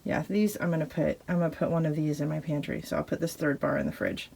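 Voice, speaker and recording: A woman's voice: low-pitched, very animated, fast talker, creaky, darkish tone, slight background noise. A woman vlogging casually inside her RV, chatty and laughing at herself, out of breath from the chores. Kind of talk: casual vlog, talking to camera while doing chores. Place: inside a small RV.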